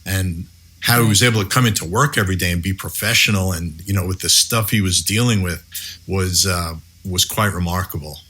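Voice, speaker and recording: A man with a lowish voice that still comes across bright and forceful reflects on his past work. He speaks in a measured way, with fillers and restarts, in a relaxed podcast conversation. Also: husky. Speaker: executive producer and head writer.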